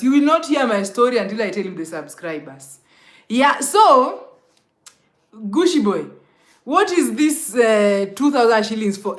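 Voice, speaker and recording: A young Kenyan woman chatting casually on a live stream, greeting commenters by name and laughing often. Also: on the high side.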